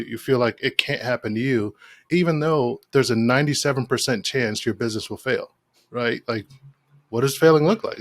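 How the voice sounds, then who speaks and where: A man's voice: mid-range voice, no room sound. A man hosting an interview, speaking encouragingly to his guest before asking a question. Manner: warm and encouraging toward the guest. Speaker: podcast host. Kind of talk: interview conversation.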